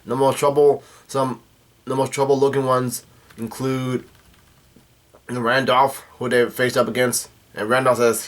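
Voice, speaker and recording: A man's voice: mid-range voice, level tone, unhurried. A man casually recapping a manga chapter, with many "uh" fillers and restarts. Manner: rambling, full of "uh" fillers and restarts. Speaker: manga reaction host.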